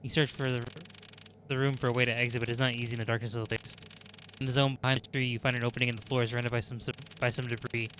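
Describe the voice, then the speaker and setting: Brisk bright-voiced male streamer. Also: mid-range voice, level tone, a little hiss or hum, poor audio. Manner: brisk, reads with restarts and jokes. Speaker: streamer reading a text game aloud. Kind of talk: reading game text aloud on a stream.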